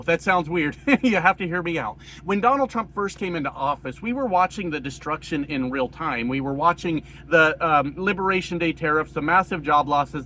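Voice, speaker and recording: A man from rural Colorado giving a casual, profane political rant, hoarse and coughing, rambling with many fillers. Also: fairly high pitch, fairly bright tone, slight background noise. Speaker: political commentator.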